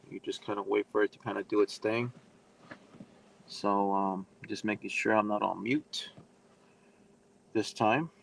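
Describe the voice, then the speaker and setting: A man's voice: medium pitch, creaky. A man giving a casual live lesson, rambling with many fillers and speaking bluntly, with some profanity. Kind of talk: casual live-stream talk.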